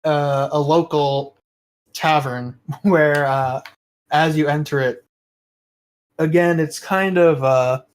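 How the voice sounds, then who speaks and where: A man's voice: fairly high pitch, steady tone, slow, pauses often, clean tone, poor audio. A man narrating as game master of a tabletop game, describing scenes in a loose, rambling way and laughing often.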